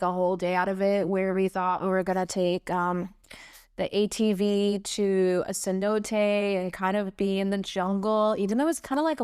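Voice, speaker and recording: A young woman hosts a casual podcast chat. She tells a long story in a loose, rambling style that is heavy on fillers, and she acts out the quotes. Her voice is very smooth and clear, at a middle pitch. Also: a little mellow. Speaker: podcast host.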